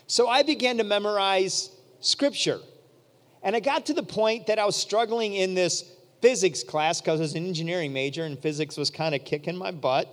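Male preacher, high pitch, lively storyteller who voices his characters, long reverb of a big hall. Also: fairly quick. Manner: animated, acts out quoted voices. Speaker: pastor. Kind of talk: storytelling sermon.

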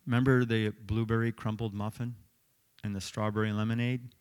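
A middle-aged man preaching a sermon, telling stories in an animated, conversational way. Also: lowish voice, normal speed. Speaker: pastor.

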